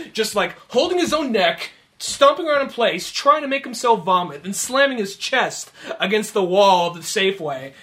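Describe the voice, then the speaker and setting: A man with a high, bright voice co-hosts a casual comedy podcast. He rambles through his stories, swears freely and acts out the voices of the people in them. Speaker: podcast co-host.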